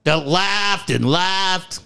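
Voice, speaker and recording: Speaking very slowly in a high-pitched, gravelly voice with a clear, resonant tone, a man in his forties co-hosts a radio show. His casual banter is animated and full of swearing, with put-on voices in his stories.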